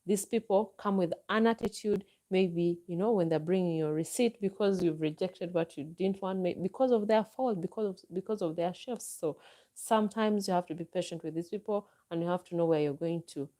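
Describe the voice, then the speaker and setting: A Ugandan woman with a Ugandan accent talks through a live chat, answering viewers in a relaxed, advising way. Her voice sits a little low and sounds soft and mellow. She speaks at an easy, unhurried pace. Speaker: vlogger.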